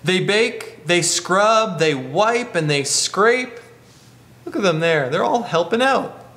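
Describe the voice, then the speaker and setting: Slow, high-voiced storytime man. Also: animated. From Canada. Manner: gentle, questioning, child-directed. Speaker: library storytime host. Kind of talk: reading a picture book aloud to children.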